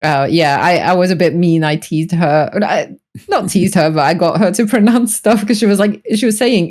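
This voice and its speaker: A woman's voice: on the low side, normal speed, a little mellow. A woman chatting casually as a podcast guest, laughing often and restarting her sentences.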